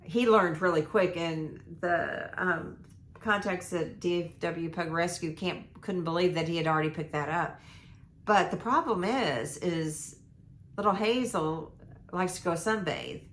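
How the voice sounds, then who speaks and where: Slow hoarse grandmother. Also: on the low side, a bit bright, slight background noise. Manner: meandering, lots of ums and restarts. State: hoarse, losing her voice. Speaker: vlogger. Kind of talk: rambling casual life update. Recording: echoey room.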